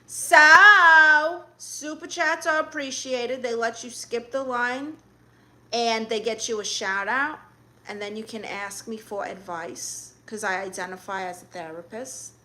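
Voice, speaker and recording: A woman's voice: fairly high pitch, unhurried, sharp tone. A young adult woman hosting a livestream, reading chat messages aloud and answering with sassy, teasing comebacks.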